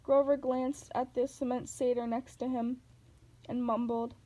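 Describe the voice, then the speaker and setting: High-voiced woman reading a novel. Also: level tone, a little slow, dark tone, rough recording. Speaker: narrator.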